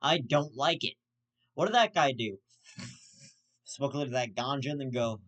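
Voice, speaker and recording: A man hosting his own vlog, ranting with constant swearing and sudden outraged jumps in pitch. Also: animated, moderate pace, long pauses, a bit bright. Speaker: host. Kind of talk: profane vlog rant.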